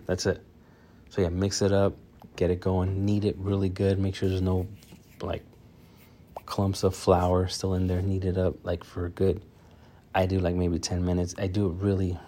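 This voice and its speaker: A man's voice: deep voice, dark tone. A man hosting his own podcast, chatting loosely on his own with lots of fillers and restarts. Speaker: podcast host. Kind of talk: casual solo podcast chat.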